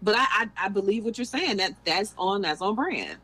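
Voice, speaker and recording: A woman's voice: mid-range voice, animated, brisk, fairly bright tone, poor audio. A young woman, a former teacher, talking animatedly as a podcast guest and acting out quoted voices. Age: young adult. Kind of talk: casual podcast chat.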